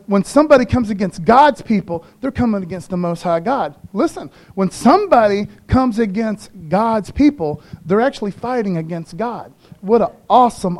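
Brief: high-pitched male pastor, conversational preaching for a broadcast service. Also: a little mellow. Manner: conversational preaching with call-outs to the congregation. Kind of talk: casual sermon. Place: church broadcast.

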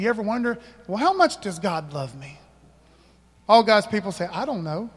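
A man's voice: high-pitched, expressive, moderate pace, in a large hall. A man pastor preaching a sermon, emphatic, calling out to the congregation for responses.

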